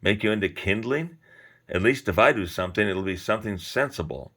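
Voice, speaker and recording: A haughty north wind that scoffs and mocks, a man putting it on. Deep, scornful and quick, in a spoken storybook. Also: expressive, a bit bright. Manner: mocking, scornful.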